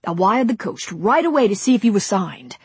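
Woman voicing a pushy Cockney male director, loud and insistent, breathy edge. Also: mid-range voice, sing-song, brisk, no room sound, full character voice. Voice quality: forceful, a little too compelling. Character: brash film director man, pushy and compelling.

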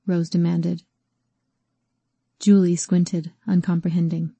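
A woman reading a novel aloud in an even, measured manner. Her voice is low-pitched, warm and a little husky. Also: no room sound, muffled recording. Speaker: audiobook narrator. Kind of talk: scripted novel narration.

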